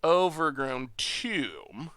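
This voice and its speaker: A man's voice: fairly high pitch, sing-song, very slow, bright, forceful tone, no room sound, studio quality. A man with an upstate New York accent hosting a live stream, chatting and thinking aloud as he plays a card game and laughing often. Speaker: stream host. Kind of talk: live-stream gameplay commentary.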